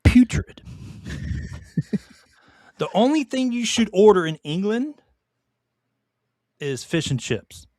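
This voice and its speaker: A man's voice: sits high, very animated, unhurried, long pauses, darkish tone, dry recording, studio quality. A man co-hosting a podcast, ranting in casual chat with swearing and restarts. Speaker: podcast co-host.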